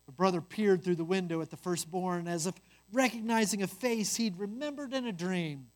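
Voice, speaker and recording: Earnest measured parable storyteller. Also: medium pitch, darkish tone.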